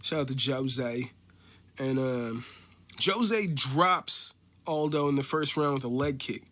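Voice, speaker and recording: Man, podcast host, casual solo rant, profane, filler-heavy, mid pitch. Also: slow pace, pushed and bright. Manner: loose and profane, full of fillers, recapping fights round by round.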